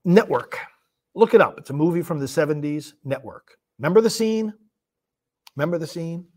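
A priest hosting a studio broadcast, talking emphatically with many restarts. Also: male voice, a little high, fairly quick. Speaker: priest host. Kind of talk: studio commentary and prayer.

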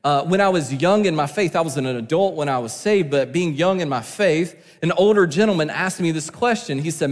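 A man's voice: a little high, expressive, a little fast, big-room sound. A man preaching a sermon from the pulpit, earnest and building to emphatic peaks. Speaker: pastor. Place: church sanctuary.

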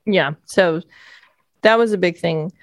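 A woman in casual conversation reviewing a film adaptation, animated, laughing often and swearing casually. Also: lowish voice, a little slow, no echo, clean studio sound.

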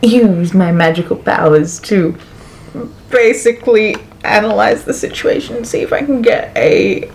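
A woman's voice: mid-range voice, a little slow, creaky, a little mellow, a little hiss or hum. A woman playing a tabletop game, thinking aloud and hesitating as she speaks. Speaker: player. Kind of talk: casual tabletop play.

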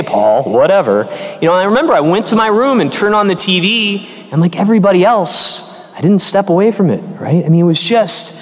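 Animated, earnest priest in echoing church. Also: male voice, sits high. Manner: conversational, earnest, emphatic. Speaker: Catholic priest. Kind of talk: sermon. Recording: long church reverb.

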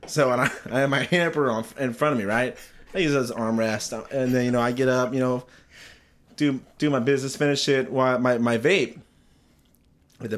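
A young man telling a story in a casual chat, rambling, swearing and often laughing as he talks. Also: mid-range voice.

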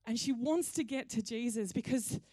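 A woman pastor preaches in a conversational, playful storytelling way. Her voice sits fairly high. The sound is dry and close. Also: normal speed, warm tone, no room sound. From Australia. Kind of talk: sermon.

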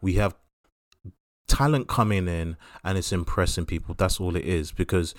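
A man's voice: low-pitched, normal speed, dry recording, clean studio sound. A man with a British accent co-hosting a casual film chat, making his points firmly and with strong opinions. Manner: firm, opinionated arguing. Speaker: podcast co-host.

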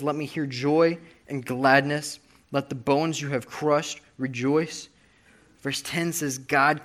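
Man, sermon, earnest, mid-pitched voice, steady scripture reading. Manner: earnest, reads scripture aloud with emphasis. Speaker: preacher.

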